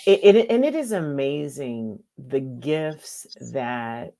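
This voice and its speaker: A woman's voice: rumbling low, sing-song, takes it slowly, creaky, dark tone. A woman hosting a podcast interview, chatty and emotive, using casual slang. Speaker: podcast host.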